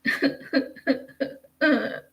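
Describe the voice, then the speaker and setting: A woman's voice: drawn-out words, echoey room, lo-fi sound, heavy background noise. An Irish woman in her forties giving a chatty, rambling live tarot reading, with many restarts. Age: 40s. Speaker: tarot reader.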